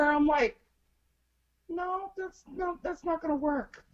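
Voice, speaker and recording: A woman's voice: very high-pitched, slow pace, long pauses, lo-fi sound. A woman guest telling a story in casual chat, acting out each person's lines as she goes. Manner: animated, acts out dialogue in quotes.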